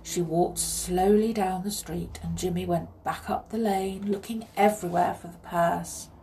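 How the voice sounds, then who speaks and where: A woman reading a children's story aloud in an expressive, measured way. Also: on the low side, slight background noise.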